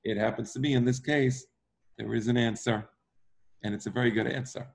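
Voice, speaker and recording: A man's voice: mid-range voice, fairly even intonation, brisk, gravelly. A man teaching an online Talmud class, emphatic and repetitive, often checking in with "right?". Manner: emphatic, repeats himself, stresses points with "right?".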